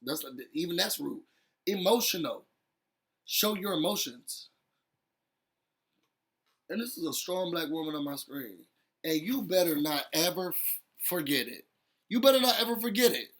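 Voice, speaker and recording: Bright-voiced, high-pitched man vlogging. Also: normal speed, long pauses. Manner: animated, laughing often, talking straight to viewers. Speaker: reality show recap vlogger. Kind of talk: emotional casual recap chat.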